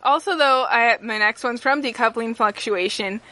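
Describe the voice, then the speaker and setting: A woman's voice: fairly high pitch, moderate pace, sharp tone, dry recording. A young woman co-hosting a podcast in casual chat, gushing over favorite moments with many "like"s and "um"s. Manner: gushing, filler-heavy recounting of favorite moments. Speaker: podcast co-host.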